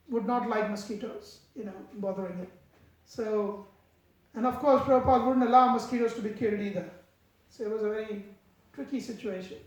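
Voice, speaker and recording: A man giving a devotional lecture and telling stories in a measured way. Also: very high voice. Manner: measured, acts out quotes in the stories. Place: temple hall. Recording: very echoey hall.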